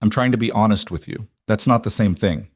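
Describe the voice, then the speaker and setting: Reserved mafia boss, terse and measured, voiced by a male narrator, low and dry. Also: no echo. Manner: measured, matter-of-fact, terse.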